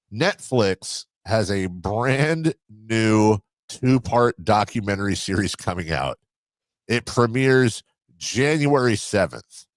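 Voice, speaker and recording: A man co-hosting a sports radio show, bantering in an animated, emphatic way. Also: fairly low pitch, no echo. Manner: animated, quick to jump in, emphatic. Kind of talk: casual studio banter.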